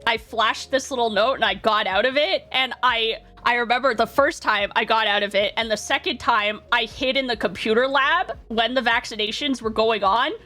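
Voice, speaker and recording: A young woman streamer telling stories in a casual, excitable way, laughing often and acting out what people said. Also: on the high side, normal speed, hardly any pauses, faint music behind. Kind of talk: casual storytelling.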